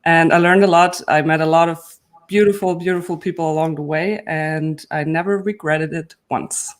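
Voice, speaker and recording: A woman's voice: deep voice, fairly even intonation, normal speed. A woman on a panel, telling her story in an earnest, reflective way. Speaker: panel guest. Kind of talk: casual panel chat.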